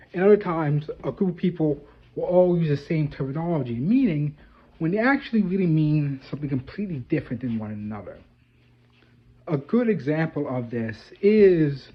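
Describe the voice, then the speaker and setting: A man hosting his own video, explaining ideas in a thoughtful, loose way with many filler phrases. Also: a little high. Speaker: video host. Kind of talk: casual commentary to camera. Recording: dull lo-fi audio.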